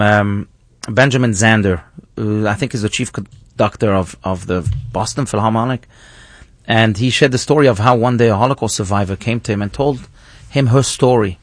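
A man's voice: on the low side, no echo. A man, a rabbi, teaching thoughtfully in conversation and often restarting his phrases. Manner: thoughtful, earnest, with frequent restarts. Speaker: rabbi, guest.

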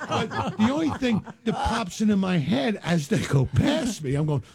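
Man, comedian, high voice, swoops a lot, raspy gravelly tone, studio mic. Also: moderate pace. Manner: animated, laughs through his jokes. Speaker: stand-up comedian guest. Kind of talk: stand-up storytelling on a radio show.

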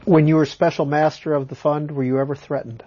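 A man's voice: on the high side, flat delivery, brisk, dark tone, breathy edge. A man interviewing a guest with short, direct questions, heard on dull lo-fi audio.

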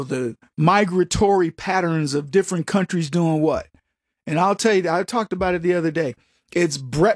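A man's voice: high voice, no room sound, clean studio sound. A man giving an opinionated, combative monologue as a commentator, who is from the United States and mocks other voices as he talks. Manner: emphatic, combative, mocking quoted voices.

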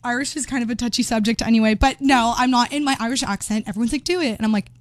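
Bubbly high-voiced young woman. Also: steady tone, dry recording. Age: young adult. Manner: bubbly, laughs often, quick asides. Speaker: podcast co-host. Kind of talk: casual chat.

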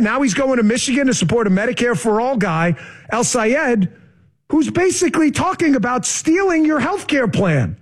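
A man with a strikingly high voice leads his political talk show, swinging his pitch up and down as he presses each point. He talks fast and hard, pushing into near-shouts when he gets heated. The delivery is a steady, emphatic rant. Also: slightly rough.

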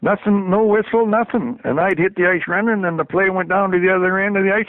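A man's voice: high-pitched, quick pace, no echo. An older man, a former hockey trainer, telling stories and chuckling often as an interview guest. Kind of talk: anecdotal storytelling. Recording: tinny dry phone line.

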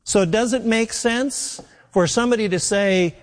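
A man's voice: high-pitched, unhurried. Earnest man preaching in a reverberant hall. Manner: earnest, repeats key phrases, stumbles on words. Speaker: pastor. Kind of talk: sermon.

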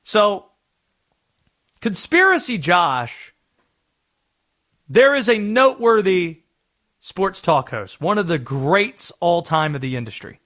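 A man's voice: high voice, big pitch swings, takes it slowly, pauses often, fairly bright tone. A man from North Carolina hosting a sports talk radio show, talking in a chatty, explaining way.

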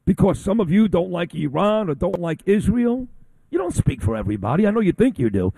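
A male talk radio host delivering a blunt, combative monologue, throwing insults freely. His voice sits a little high and swings widely in pitch, with a mellow, dark tone. The sound is dry and close, broadcasting from a convention. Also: big pitch swings, a little fast, creaky, husky, no echo.

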